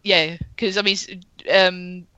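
A British woman co-hosting a podcast, quick-witted and laughing often. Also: lowish voice, flat delivery, bright, forceful tone, smooth, no echo, muffled recording. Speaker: podcast co-host. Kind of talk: casual podcast chat.

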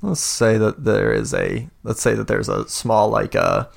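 A man runs a tabletop game, narrating the scene slowly with a gravelly voice. He often stops to search for words. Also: fairly low pitch. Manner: halting, full of fillers. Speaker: game master.

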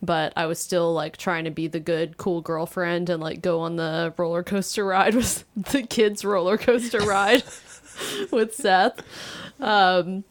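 Podcast guest, woman with a Kentucky accent, low voice, laughing as she tells a story. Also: steady tone, measured pace. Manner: laughing, self-deprecating storytelling. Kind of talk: casual podcast chat.

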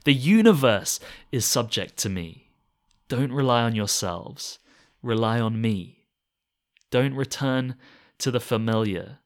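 A calm, commanding man speaks steadily to reassure his followers, as a preacher puts him on in his own mid-pitched voice. The delivery stays plain and even. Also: slow pace, long pauses. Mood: reassuring.

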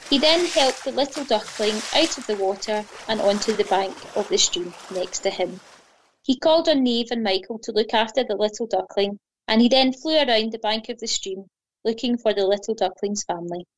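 A woman gently and expressively reading a children's fairy story aloud. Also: on the high side, normal speed, a little hiss or hum, low-quality recording.

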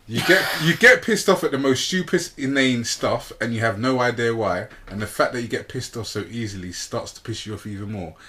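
A man's voice: mid-range voice, brisk, hardly any pauses, sharp tone, a little hiss or hum. A young man hosting a casual chat, candid and repeating himself for emphasis. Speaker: podcast host.

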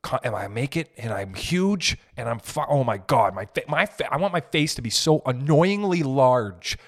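A young man hosting a podcast, ranting in a comedic, animated way, swearing and laughing as he goes. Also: medium pitch, moderate pace. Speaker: podcast host. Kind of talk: comedic rant.

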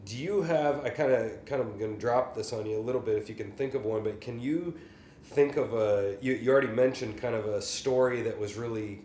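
A male podcast host chats with his guest in a loose, hesitant way, often trailing off mid-question. His voice sits at a middle pitch. There's a roomy echo and a faint background hum. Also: darkish tone. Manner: hesitant, fills pauses with "like" and "I mean". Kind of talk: casual interview.

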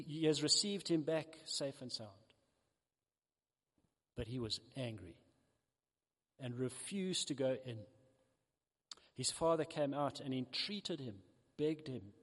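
A man with a high voice delivers a sermon. He tells a parable with animated storytelling and slips into the characters' voices. His words echo with the long reverb of a large hall. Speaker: preacher.

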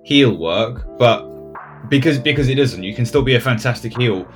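A man hosting a podcast in casual chat, relaxed and thoughtful, often trailing off and restarting. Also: medium pitch, moderate pace, soft background music.

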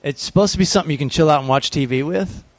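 Guy hosting a podcast, kinda high voice, swears a lot, animated, dull dry sound. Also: rapid-fire, dry recording. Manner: animated, swearing, laughs often. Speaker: podcast host. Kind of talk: casual podcast banter.

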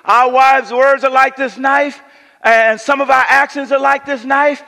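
A man's voice: very high voice, steady tone, unhurried, bright, forceful tone. A male pastor preaching a sermon with emphatic call-and-response, often repeating words as he restarts. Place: church sanctuary. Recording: long church hall reverb.

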